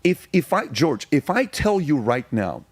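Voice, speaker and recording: A man's voice: on the high side, very animated, dry recording. Emphatic storytelling man from Iran. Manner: intense, emphatic, rapid-fire repetition. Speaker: podcast guest. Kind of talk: candid personal storytelling.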